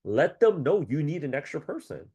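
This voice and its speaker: A man's voice: fairly high pitch, big pitch swings, normal speed, mellow, slightly rough. A man working as a career coach, chatting casually in slang, laughing often and acting out the people he quotes. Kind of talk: casual chat.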